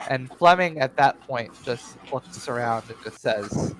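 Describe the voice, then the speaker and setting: A man running a tabletop game session, narrating what the characters do. He talks slowly and loosely, with frequent "uh"s and restarts. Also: medium pitch, rough recording. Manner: relaxed, filler-heavy narration. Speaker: game master.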